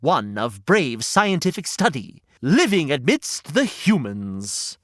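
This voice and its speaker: A man voicing an eager, earnest male hedgehog sidekick who narrates in a hushed nature-documentary manner. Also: a little high, huge pitch swings, slow, no echo, studio quality, full character voice. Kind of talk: podcast storytelling skit.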